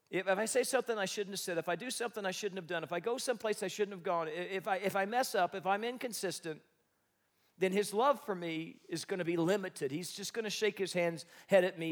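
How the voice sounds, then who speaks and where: A man preaching a sermon as pastor, animated, swinging between loud bursts and quiet, reflective stretches. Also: high-pitched.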